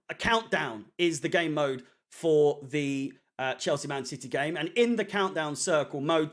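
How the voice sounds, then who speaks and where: A man talks casually to a live chat, loose and rambling with plenty of ums. His voice sits a little high for a man. He swears offhandedly as he goes. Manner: rambling, chatty, swears casually, many fillers. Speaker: fan channel watchalong host. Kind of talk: casual live-stream chat reading comments.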